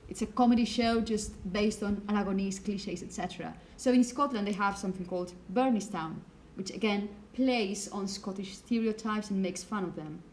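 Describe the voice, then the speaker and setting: A woman delivers a classroom lecture in a middle-pitched voice. She explains step by step and stops often to check that the students follow. Faint room noise sits behind her. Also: a little mellow.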